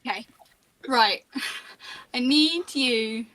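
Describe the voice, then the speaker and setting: A woman's voice: a little high, very slow, a bit bright, rough recording. A woman narrating as game master of a tabletop game, chatty, with frequent ums and restarts.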